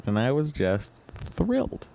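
A man's voice: medium pitch, unhurried, vocal fry. A man telling a comic story in a self-mocking way, from his own podcast. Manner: self-mocking, deadpan humor. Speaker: podcast co-host.

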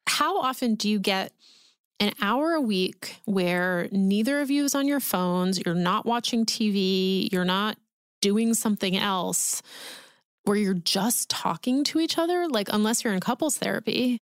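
A woman's voice: medium pitch, lively intonation, unhurried, no echo, clean studio sound. A woman guest chatting casually and reflectively. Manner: thoughtful, reflective. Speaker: podcast guest, author. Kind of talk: casual chat.

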